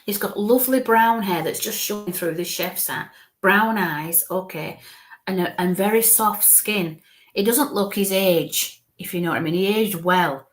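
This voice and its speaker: Brief: woman medium on a live reading, mid-pitched, halting delivery, drops to quiet coaxing murmurs between descriptions.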